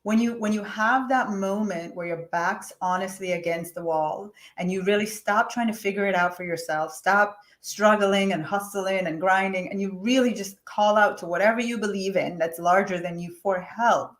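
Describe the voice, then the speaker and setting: A woman's voice: mid-range voice, moderate pace, hardly any pauses. A middle-aged woman guest telling her personal story candidly, acting out what she once said to herself. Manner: candid and animated, acts out her own past words. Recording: roomy echo.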